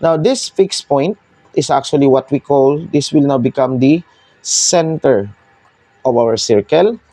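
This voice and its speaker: Filipino man teaching math, mellow tone. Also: mid-range voice, no room sound. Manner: code-switching, explaining step by step with pauses. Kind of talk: whiteboard math lesson.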